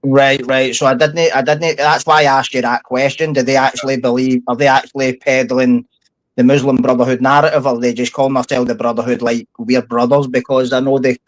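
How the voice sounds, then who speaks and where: A man's voice: mid-range voice, level tone, fairly quick, no echo, poor audio. A Scottish man in casual podcast chat. He is blunt and heated and swears often. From Scotland. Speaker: podcast guest, former prisoner.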